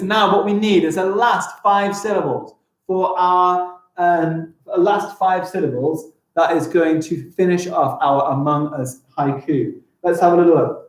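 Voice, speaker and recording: A cheerful primary school teacher, a man with a slightly high voice, leads a lesson on a live stream. He encourages the class warmly and drags out lines slowly to count them. The classroom around him sounds echoey. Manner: enthusiastic, encouraging, reads lines slowly aloud.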